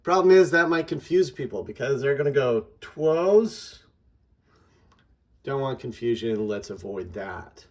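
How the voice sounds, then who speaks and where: A man patiently explaining a method in an instructional lesson, slowing down to sound out example words. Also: mid-range voice. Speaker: teacher.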